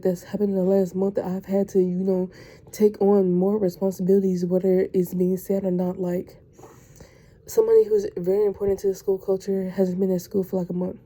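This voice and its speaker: A woman's voice: mid-range voice, mellow. A young woman, a teacher and coach, venting bluntly and profanely about her school year in a casual vlog.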